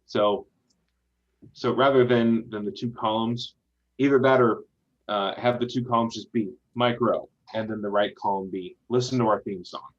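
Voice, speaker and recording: A man with a fairly low voice walks through a website and gives friendly, easygoing suggestions as he thinks aloud. The sound is dull and lo-fi, as from a video call. His tone stays relaxed and encouraging. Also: moderate pace. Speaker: web design reviewer. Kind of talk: casual spoken feedback while reviewing a website.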